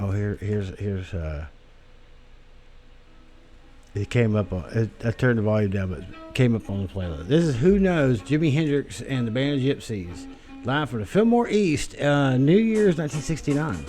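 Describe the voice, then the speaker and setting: A man's voice: mid-range voice, lively intonation, moderate pace, darkish tone, soft background music. A man delivering a rambling, profane solo monologue with crude language, drifting tangents and many fillers. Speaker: podcast host.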